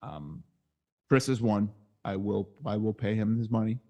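A man hosting a casual podcast chat over a video call, telling an excitable story. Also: lowish voice, a little slow, dull audio. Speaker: podcast host.

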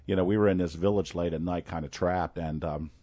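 Deep-voiced rambling man. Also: fairly even intonation, brisk, warm tone, no echo. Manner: rambling storyteller, jokey, laughs often. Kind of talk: casual chat.

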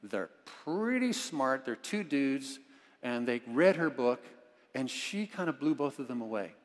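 A man's voice: medium pitch, animated, a little slow. A male pastor giving a conversational, enthusiastic sermon with many restarts, recorded in a church. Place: church sanctuary. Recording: long reverb of a church hall.

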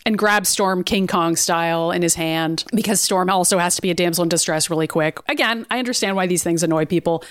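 A woman's voice: lowish voice, brisk, few pauses, clean tone. A woman co-hosting a podcast, casually recapping an episode and acting out quoted lines with playful voices. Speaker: podcast co-host.

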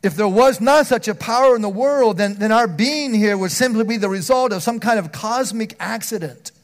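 A man preaching a sermon, earnest, often restarting words, swinging from loud emphatic stretches down to a near hush. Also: high voice, moderate pace.

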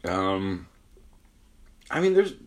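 A man with a very low, deep voice chats loosely on a podcast. He jokes around and spins a rambling story. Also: sing-song, very slow. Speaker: podcast co-host. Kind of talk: casual chat.

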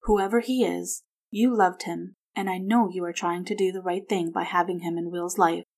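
A caring older grandmother with a low, soft-spoken, reassuring voice, as a woman reading a story puts her on. She talks gently and patiently. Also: steady tone, moderate pace. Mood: gentle.

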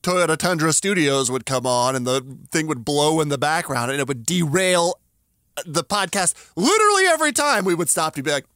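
A man on a podcast, telling a story in casual chat and swinging widely in pitch as he acts out each voice. His delivery is emphatic and animated, and he sounds dry and close to the mic with no room around him. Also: fairly quick, clean tone, no echo. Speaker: podcast co-host.

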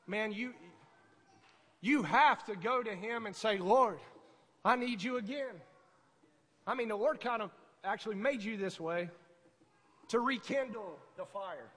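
A woman preaching a sermon in a conversational way, breaking into sudden shouted bursts. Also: medium pitch, measured pace, pauses often. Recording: echoey hall.

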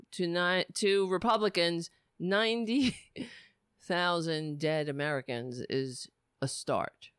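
Livestream commentary host, very slow delivery, bright tone, rambling, profane, mocking. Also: medium pitch, clean tone, no echo, clean studio sound. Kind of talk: livestream commentary reacting to a clip.

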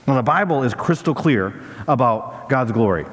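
A man preaches in a large church sanctuary, his voice carrying a long reverb through the hall. He tells stories in an easy, conversational way, then builds to emphatic peaks. His pitch sits in a middle range for a man. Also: lively intonation, moderate pace. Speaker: pastor. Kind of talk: sermon.

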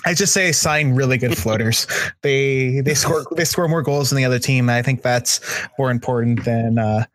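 A man's voice: mid-range voice, moderate pace, no echo. A man hockey writer chatting on a podcast, stumbling over restarts and slipping into dry irony. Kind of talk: casual hockey chat.

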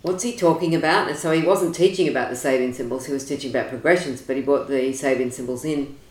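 A woman's voice: extremely low pitch, quick pace, a little mellow. A woman, an astrologer, telling her story at length in a chatty, rambling way with frequent ums. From Australia. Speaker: astrologer guest. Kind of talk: casual storytelling interview. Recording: roomy echo.

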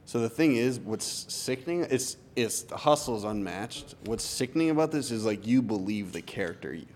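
A man's voice: mid-range voice, lively intonation, normal speed, darkish tone, slight background noise. A man hosting a podcast, blunt and teasing, swearing freely in casual chat. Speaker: podcast host.

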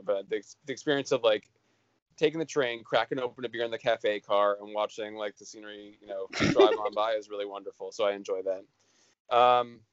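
A man hosting a casual chat among old friends, teasing and quick with banter. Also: on the low side, clean tone, no echo. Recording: dull lo-fi sound.

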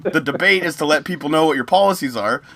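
Man, bright tone, dry close sound, casual podcast chat, laughs a lot. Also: on the high side, expressive, quick pace, no room sound. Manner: chatty and laughing, with opinions on politics. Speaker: podcast co-host.

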